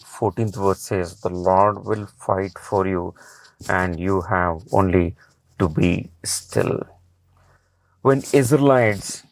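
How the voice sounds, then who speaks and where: Man, Indian English accent, devotional storyteller: unhurried and gravelly, repeats lines for emphasis, dry close sound. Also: low voice, dry recording, rough recording. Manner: repeats each phrase for emphasis; earnest, plain wording. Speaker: devotional speaker.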